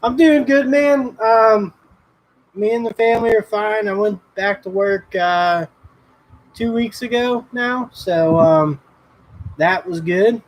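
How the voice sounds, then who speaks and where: Male livestream host, slow-talking, higher voice, rambling chat with viewers. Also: poor audio. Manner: laid-back, rambling, greets viewers by name. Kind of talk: casual livestream chat reading comments.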